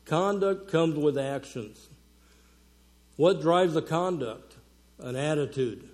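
A man's voice: on the high side, takes it slowly, long pauses, a little mellow. A man preaching to a women's conference in a folksy, conversational way, with fillers and small chuckles. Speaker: conference speaker. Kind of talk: conversational sermon.

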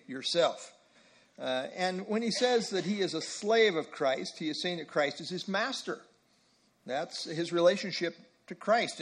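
A man teaching a Bible study group, emphatic and repeating phrases for stress. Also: sits high.

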